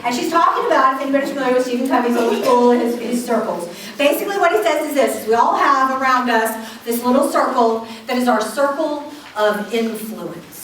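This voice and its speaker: A woman's voice: high voice, quick pace, few pauses. A woman giving a humorous motivational talk to a live audience, telling stories with lots of laughs and acted-out quotes. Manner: animated storytelling with frequent laughs and acted-out quotes. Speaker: keynote speaker. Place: large hall with a live audience. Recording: echoey hall, distant mic, audience noise.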